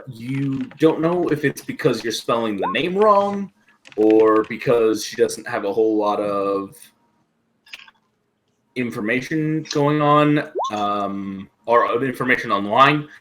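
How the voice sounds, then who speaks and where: A man running a tabletop role-playing game as game master, talking slowly with many ums and pauses. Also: mid-range voice, lively intonation, a bit bright, a little hiss or hum. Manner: slow, hesitant, many ums and uhs. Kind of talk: narrating a tabletop game over voice chat.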